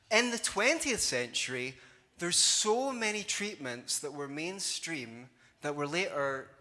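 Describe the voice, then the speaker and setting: A conference speaker gives a live talk in a conference hall, his voice on the high side, bright and forceful. He's conversational and wry, tossing in sarcastic asides, and the hall adds a long reverb.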